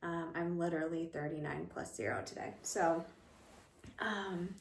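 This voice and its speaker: In her home, a young woman talks through a loose, filler-laden pregnancy vlog, a bit out of breath. She speaks unhurriedly in a lowish voice with vocal fry, and the roomy recording has a little hiss or hum.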